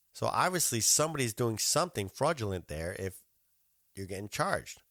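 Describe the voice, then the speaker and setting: A man telling a story on his podcast in a loose, cursing rant, his lowish voice swinging up and down as he gets worked up. He acts out both sides of the phone calls in his own voice. The sound is close and dry, with no room behind it. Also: very animated, normal speed, a bit bright, no echo. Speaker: podcast host.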